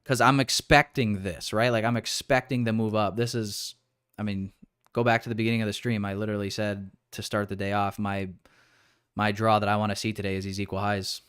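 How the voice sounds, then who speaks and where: A young man day-trades on a live stream, talking casually with a frustrated, rambling delivery full of restarts, and he calls viewers "boys." His lowish voice is flat, a bit bright and clean, and he talks briskly.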